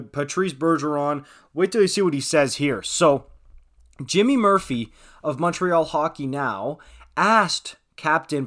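A man's voice: a little high, a bit bright. A man giving casual, chatty hockey news commentary, talking straight to his viewers.

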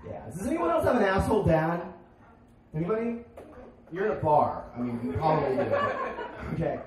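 A young man performing a stand-up comedy set on a bar stage, with deadpan punchlines and sudden shouted bits. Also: a little high, a little fast. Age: young adult. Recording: echoey bar, crowd noise, distant. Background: crowd laughing.

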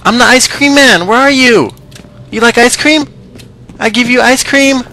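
Guy doing a creepy candy man voice, wheedling, high and bright, slow drawl. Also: exaggerated voice. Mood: coaxing. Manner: coaxing, wheedling, sing-song. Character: creepy candy man offering a child ice cream.

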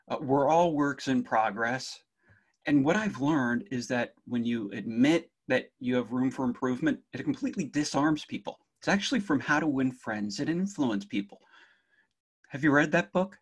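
His voice is husky and sits in the middle range. He's a middle-aged New Jerseyan with a slight local accent, joking his way through a cybersecurity conference talk aimed squarely at the audience.

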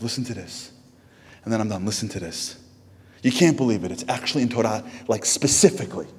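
A man's voice: on the low side, expressive, fast, darkish tone. A man delivering an impassioned sermon as a rabbi in a synagogue hall, firing off emphatic rhetorical questions. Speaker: rabbi giving a lecture. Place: synagogue hall with live audience. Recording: reverberant hall sound.

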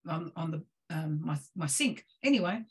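Husky woman telling stories. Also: sits low, normal speed. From Australia. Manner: lively, laughing, gestures while cooking talk. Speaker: guest presenter. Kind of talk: animated storytelling on a video call.

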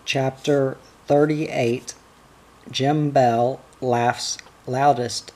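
Slow, mellow male audiobook reader. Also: mid-range voice, fairly even intonation, slight background noise. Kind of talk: audiobook narration.

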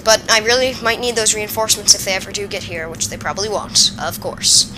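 A woman giving chatty, excitable, rambling commentary while playing a video game. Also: medium pitch, fast, background noise. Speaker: let's play gamer. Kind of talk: casual gameplay commentary.

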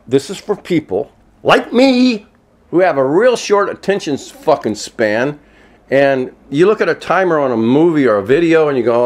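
A man in his seventies ranting alone at home, swearing a lot and swinging between angry outbursts and a soft, mock-gentle tone. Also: on the high side, big pitch swings, normal speed. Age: 70s. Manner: frequent swearing and self-mocking laughs. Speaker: vlogger. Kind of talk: unscripted solo rant. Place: walking around indoors at home.

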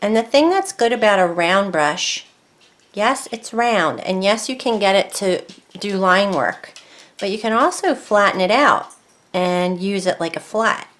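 A woman giving a casual painting tutorial at her home craft desk. She talks in a chatty, rambling way and drops to a soft mutter while she concentrates. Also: medium pitch, animated, unhurried.

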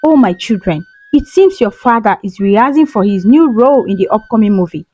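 A woman's voice: a little high, animated, fairly quick. A woman voicing an amused wife and mother who teases her husband, in a storybook tale. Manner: teasing, full of amusement. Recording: soft music behind.

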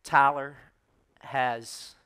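A man's voice: mid-range voice, level tone, extremely slow, fairly bright tone, clean tone. A middle-aged man, preaching as a guest speaker and telling a personal story in a candid, conversational way. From United States. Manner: candid, conversational storytelling with self-deprecating asides. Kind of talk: sermon storytelling.

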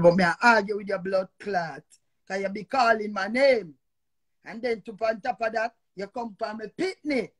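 An older woman with a Jamaican accent ranting on a live stream, cursing and repeating herself in a confrontational way. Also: a little high. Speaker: social media personality. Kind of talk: heated live-stream rant.

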